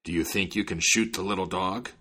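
A man's voice: deep voice, steady tone, a little fast, pushed and bright, breathy edge, exaggerated voice. A man reading as blustering giants. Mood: scheming. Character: three huge brutish male giants.

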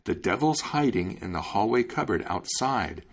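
A man voicing a crafty poor farmer in a fairy-tale reading, sly and deliberate. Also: on the low side, lively intonation, husky.

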